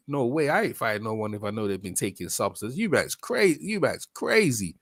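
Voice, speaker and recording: A man hosting a boxing live stream in casual chat, excitable and repeating himself often. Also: mid-range voice, normal speed, no room sound, studio quality. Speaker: boxing livestream host.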